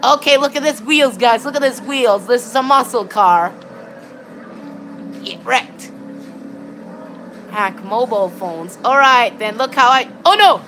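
A woman giving excitable, rambling live commentary on her gameplay while chatting with viewers. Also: on the high side, moderate pace, few pauses, a little hiss or hum. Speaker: game streamer.

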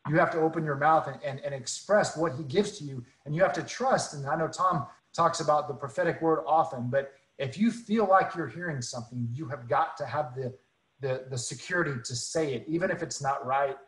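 A man's voice: fairly high pitch, brisk, a bit bright, roomy sound, rough recording. Earnest man telling a faith story. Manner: earnest, many restarts and repeated words. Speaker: guest speaker.

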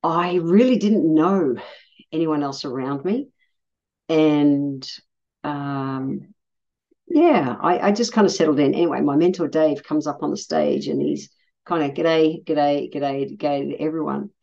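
Aussie woman, middle-aged, low voice, blunt and sweary, kinda dull lo-fi sound. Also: unhurried, gravelly. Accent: Australian. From Australia. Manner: blunt, swears freely, animated when quoting. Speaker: podcast host. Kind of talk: casual storytelling monologue.

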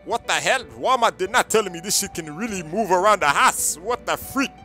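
Man voicing a bewildered young guy, loud, whiny, high voice, hip hop music behind. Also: expressive, fairly quick. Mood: disbelieving. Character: bewildered young man robbed of his gifts. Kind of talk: comedy skit voice acting.

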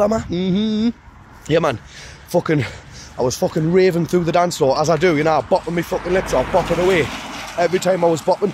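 A young man ranting excitedly in a casual vlog, swearing nonstop and full of slang. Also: on the high side, slight background noise. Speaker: vlogger. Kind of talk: rowdy casual vlog rant.

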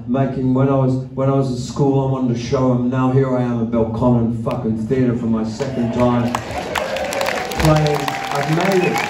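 A man's voice: medium pitch, recorded from a distance. Male musician, on-stage banter, wry and profane, live in a roomy theatre with faint crowd noise. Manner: loose, profane, self-mocking storytelling. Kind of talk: rambling stage banter between songs.

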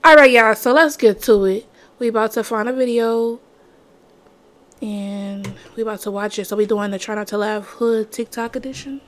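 A woman's voice: fairly high pitch, normal speed, slight background noise. A woman hosting a reaction video in casual, slangy chat, laughing easily. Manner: playful, laughs often, slangy. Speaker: YouTube host.

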